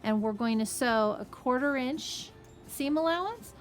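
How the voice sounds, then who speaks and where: A woman's voice: high voice, expressive, a little slow, soft background music. Chatty woman teaching sewing. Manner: chatty, friendly asides, frequent "okay?" and "right?". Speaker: fabric shop owner teaching sewing. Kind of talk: casual sewing tutorial.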